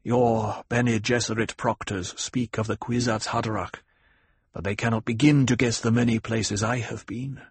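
A weak young visionary who speaks in a voice that is faint but steady, as a man plays him. The tone is husky and slightly raised, recorded dry and close. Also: mid-range voice, moderate pace, dry recording, natural voice. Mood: weary.

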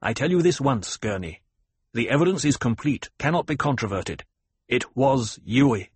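A man voicing a young noble male leader who speaks with intense, quiet command, with a husky voice. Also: mid-range voice, animated, moderate pace, no room sound.

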